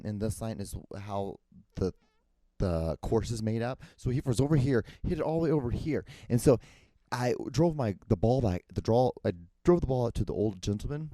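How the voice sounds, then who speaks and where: A man's voice: fairly low pitch, dark tone, no echo. A young man hosting a solo podcast, telling a rambling, profane story and acting out the other people's lines. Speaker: podcast host.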